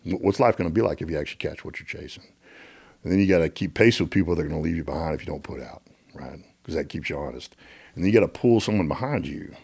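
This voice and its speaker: A middle-aged American man telling stories as a guest in a casual interview, animated and repeating words when he gets going. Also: extremely low pitch, fast, gravelly, husky.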